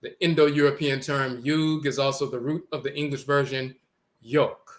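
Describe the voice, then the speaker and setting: A man lecturing on language origins, deliberately spelling out letters and repeating each word as he points to text on screen. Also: mid-range voice, level tone.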